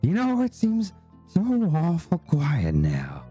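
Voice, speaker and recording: A man voicing a gruff, folksy male merchant in a game, with a gravelly, drawling voice. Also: fairly high pitch, huge pitch swings, slow, dark tone, soft background music, pitched above the performer's own voice, exaggerated voice. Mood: chatty. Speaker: streamer.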